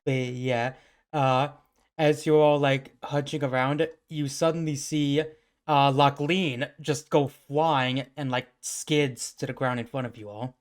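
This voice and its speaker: A man's voice: mid-range voice, fairly even intonation, slow. A man narrating as game master in a tabletop game, casual and laughing often, with many fillers.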